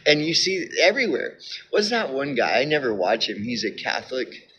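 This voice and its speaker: Guy ranting casually, keeps repeating himself, bright edgy tone, bit of hiss in the back. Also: medium pitch, very animated, dull audio. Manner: repetitive, halting with restarts and fillers; insistent, emphatic. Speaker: video commentator. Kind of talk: casual monologue.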